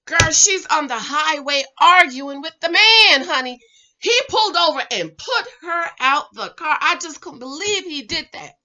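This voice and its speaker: A middle-aged woman talks to the camera in an animated, chatty way, with a rather high voice and a bright, forceful edge. She keeps calling her viewers "girl" and "ladies" and checks in with them as she talks. The sound is slightly dull and muffled. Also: measured pace. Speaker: vlogger reviewing a reality show. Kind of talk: casual chatty commentary. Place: her home.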